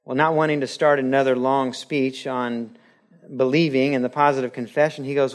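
A man preaching a sermon as a pastor, animated, acting out quoted voices and telling a joke. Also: mid-range voice, moderate pace.

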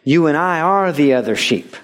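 A man preaching from the pulpit, his voice sitting a little higher than most men's. He is lively and playful, slipping into little voices for the people he quotes, then settling back into earnest teaching. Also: normal speed. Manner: animated, jokes, puts on voices for quoted people. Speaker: pastor. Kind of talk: sermon.

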